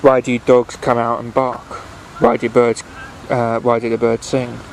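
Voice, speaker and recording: A kindly little traveller from a bedtime storybook, brave and endlessly curious, as a man puts him on. He coaxes and questions in a gravelly, fairly flat voice. Faint noise sits behind him. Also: medium pitch, a little slow, poor audio. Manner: inquisitive, gently coaxing.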